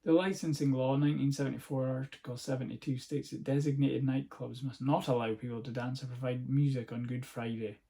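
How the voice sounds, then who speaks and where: A man's voice: medium pitch, steady tone, fairly quick, gravelly, few pauses, dark tone. A man hosting a podcast, rambling through a casual comic monologue, sarcastic and swearing freely. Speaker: podcast host.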